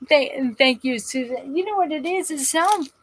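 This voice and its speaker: Jersey woman running a live stream, kinda high voice, rambly and animated, keeps restarting sentences. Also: takes it slowly, slight background noise, low-quality recording. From New Jersey. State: in pain. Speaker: host of a live call-in show. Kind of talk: casual live-stream chat, reading viewer comments.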